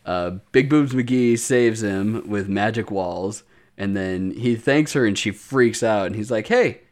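A man's voice: on the low side, a little slow. Rambling young man recapping an episode. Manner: rambling recap with many fillers, restarts and laughs. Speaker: podcast co-host recapping an anime episode. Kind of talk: casual chat.

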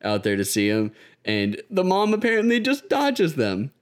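A man casually recapping an anime episode with friends, swearing often and laughing, animated in his retelling. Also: fairly high pitch, normal speed, clean tone. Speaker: podcast co-host.

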